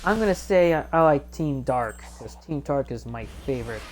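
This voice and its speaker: A woman's voice: very deep voice, lively intonation, moderate pace, a little mellow, slight background noise. A woman hosting a let's play video, recapping game scenes in a rambling, self-correcting way and acting out quotes.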